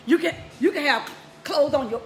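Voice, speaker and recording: A woman preaching on a live stream, emphatic and repetitive, often laughing and breaking into shouts. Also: high voice, normal speed, faint music behind.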